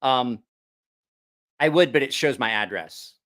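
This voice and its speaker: A man hosting a casual livestream and chatting with viewers in a rambling, halting way. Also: medium pitch, animated, sharp tone. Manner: rambling, halting, with restarts and swearing. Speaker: livestream host.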